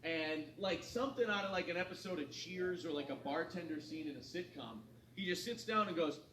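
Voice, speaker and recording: A man's voice: on the high side, fairly quick, slight background noise. A man hosting a morning show, telling a bar story in casual chat and acting out the people he quotes. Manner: animated storyteller, acts out quotes. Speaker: morning radio show host. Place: studio. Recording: roomy sound from a distance, crowd behind.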